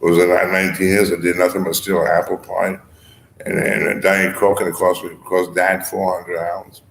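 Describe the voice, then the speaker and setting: A low-voiced man rambles on in a loose monologue, wandering from one thought to the next and padding it with "you know" and "I mean." He chuckles here and there. His voice rings in an echoey room over a faint hum of ambient noise. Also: little pitch movement, fairly quick, vocal fry, a bit bright. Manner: digressive, fills speech with "you know" and "I mean", chuckles often.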